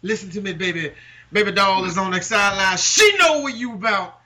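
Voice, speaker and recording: A man doing an impression of a smooth-talking wrestling star with a Southern accent, in a drawn-out preacher cadence. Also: sits high, lively intonation, pushed and bright, pitched above the performer's own voice, full character voice. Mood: smooth boasting.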